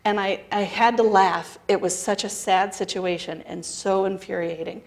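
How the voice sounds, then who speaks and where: Woman, mid-pitch, storytelling talk, animated, voices the people in her story. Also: moderate pace. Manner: animated storytelling with quoted dialogue. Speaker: guest speaker.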